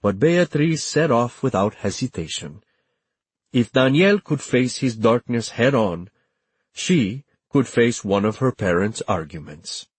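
A man narrating an audiobook in a measured storytelling manner. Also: mid-range voice, animated, breathy edge, dry recording.

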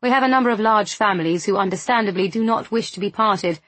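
A woman voicing a weary, wry young gentleman who speaks in a tired, dry, understated way. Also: mid-range voice, fast, no echo, close to an everyday voice.

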